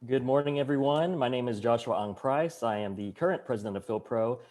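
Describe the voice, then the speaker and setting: A man's voice: medium pitch, brisk, darkish tone. A man with a Southern US accent, speaking earnestly as a panelist on a video call and working through statistics with small restarts. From Arkansas, US. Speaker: panelist, county election official. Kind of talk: online panel discussion.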